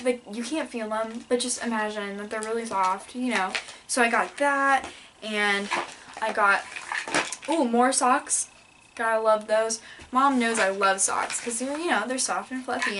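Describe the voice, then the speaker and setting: A young woman talks to her camera at home in a slightly high voice, rambling from story to story with a deadpan tone. Her casual haul chat is packed with "like" and "um", and a faint hiss sits under the recording. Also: normal speed. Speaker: vlogger. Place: indoors at home in front of a backdrop.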